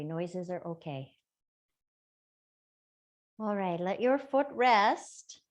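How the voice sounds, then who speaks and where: Slow, gentle woman yoga teacher. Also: medium pitch, dull audio. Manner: soft, slow, playful cueing. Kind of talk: gentle guided yoga class.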